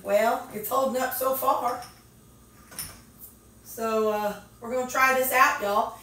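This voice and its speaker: A chatty woman with a drawl talks through her kitchen tidying, filling pauses with ums and musing aloud. Her voice sits a bit high and bounces around a bare, echoey kitchen, picked up from a few steps away. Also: fairly even intonation, sharp tone, a little hiss or hum. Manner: chatty, thinking aloud, many fillers. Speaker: vlogger. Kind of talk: casual chat while organizing. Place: home kitchen. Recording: very echoey room, mic at a distance.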